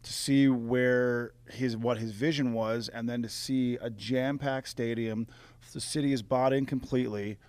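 A man hosting a casual podcast interview, chatty and full of quick affirmations. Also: mid-range voice, steady tone, a little mellow, clean tone, dry recording. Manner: chatty, chimes in with quick affirmations, says "like" a lot. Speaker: podcast host.

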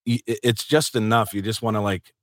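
A man's voice: on the low side, brisk, no echo, clean studio sound. A middle-aged man hosting a podcast, telling stories in a casual, profane way and laughing often. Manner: animated, profane storyteller who laughs a lot. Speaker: podcast host. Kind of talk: casual chat.

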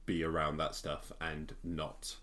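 Blunt deep-voiced man. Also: completely flat delivery, slow pace, fairly bright tone. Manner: blunt and opinionated. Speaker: podcast co-host. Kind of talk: casual chat.

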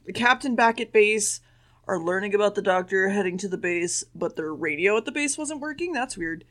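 A woman's voice: mid-range voice, expressive, fairly quick, fairly bright tone. Woman, podcast co-host, casual recap, blunt, sarcastic.

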